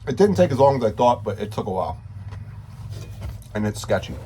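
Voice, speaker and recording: A man's voice: mid-range voice, big pitch swings, a little fast, warm tone, slight background noise. A man giving a casual video update to coworkers as their union steward, frustrated and rambling, repeating himself.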